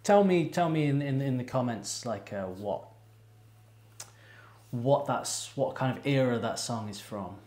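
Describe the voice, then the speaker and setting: A man's voice: medium pitch, expressive, a little mellow, reverberant. A man hosting a music reaction video, talking casually with frequent laughs, ums and restarts. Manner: chatty, laughs often, halting with ums and restarts.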